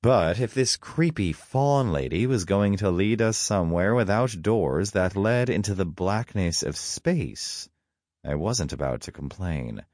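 A man with an extremely deep voice reads a first-person story in a wry, dry manner. His delivery is slow but melodic, rising and falling through the sentences. The recording is close and dry, with no room sound. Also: darkish tone, no echo. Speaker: narrator. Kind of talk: first-person audiobook narration.

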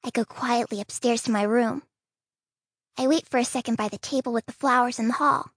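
Woman audiobook narrator, high, soft, childlike first-person read, dry studio sound. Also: steady tone, fairly quick, husky, no room sound.

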